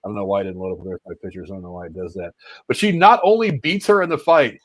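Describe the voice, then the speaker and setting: A man's voice: lowish voice, animated, quick pace, no room sound, rough recording. A man hosting a casual movie review podcast, swearing freely as he reads out film trivia.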